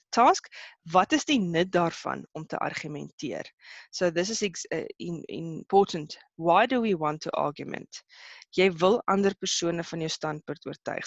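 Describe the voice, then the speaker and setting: Teacher, online lesson, patient explaining, thinks aloud, mid-pitched voice, lo-fi sound. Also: no room sound. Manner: explains patiently, switching between English and Afrikaans terms then translating; thinks aloud with frequent fillers and restarts. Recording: dull, lo-fi, dry.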